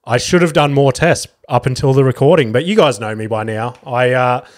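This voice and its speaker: A man's voice: mid-range voice, fairly quick. Rambling, foul-mouthed Australian man. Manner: rambling and swears a lot. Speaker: podcast host. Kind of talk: casual solo podcast monologue.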